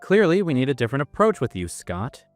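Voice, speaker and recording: A man voicing a stern, sarcastic female Spanish teacher with a sharp, cutting manner. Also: fairly high pitch, very animated, moderate pace, soft background music, voice pushed up.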